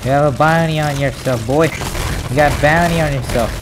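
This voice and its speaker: A man giving live commentary over his own gameplay, excitable, joking and raging at the game. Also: on the high side, moderate pace, noisy background. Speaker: gaming channel host.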